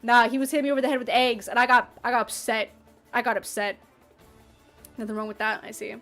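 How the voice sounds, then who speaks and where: A woman streaming and chatting casually with her viewers, playful and animated, answering chat with mock outrage and quick laughs. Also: fairly high pitch, faint music behind.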